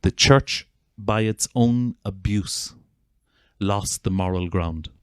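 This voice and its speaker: Earnest Northern Irish man, low voice. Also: slow pace, clean tone, no echo. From Northern Ireland (Armagh). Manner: earnest, persuasive, animated storyteller. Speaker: guest, Gestalt psychotherapist. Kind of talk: conversational storytelling.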